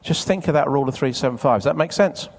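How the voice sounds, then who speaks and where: A man's voice: on the high side, fast, breathy edge. A man speaking live to an audience at a seminar, chatty and teasing, quizzing the crowd. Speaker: event speaker. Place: conference hall with a live audience. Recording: long reverb of a large hall.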